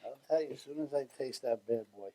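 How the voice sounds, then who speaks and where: A man chats casually and jokes easily, talking through a mouthful of food. His voice sits at a middle pitch and stays relaxed. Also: fast talker. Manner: easygoing, jokey, talking while eating. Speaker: guest tasting food. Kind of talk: casual chat.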